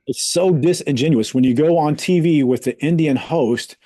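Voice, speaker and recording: A man co-hosting a podcast, talking politics in a heated, incredulous way with drawn-out emphasis. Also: on the high side, dark tone, no echo. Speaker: podcast co-host. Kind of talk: casual political chat.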